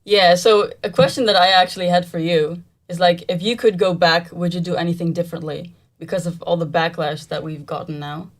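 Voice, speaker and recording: A woman's voice: on the low side, steady tone, brisk, hardly any pauses. A woman from the Netherlands, a native Dutch speaker whose English has an American-trained sound with a slight Dutch accent, co-hosting a casual livestream and hedging often. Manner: soft-spoken, hedging with "like" and "I think". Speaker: host's wife, co-host.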